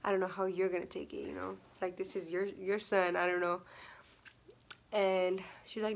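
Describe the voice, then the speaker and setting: A woman's voice: mid-range voice, flat delivery, normal speed, creaky, slight background noise. A young woman vlogging casually, chatty and full of fillers, acting out what people said. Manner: chatty, many fillers and laughs, acts out quotes. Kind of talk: casual storytime vlog.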